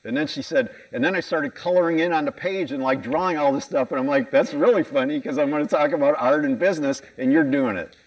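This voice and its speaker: A man's voice: a little high, fast, few pauses, recorded from a distance, highs cut off. An American man giving a conference keynote talk, candid and self-mocking, asking the audience questions. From United States. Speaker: conference speaker. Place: conference hall stage.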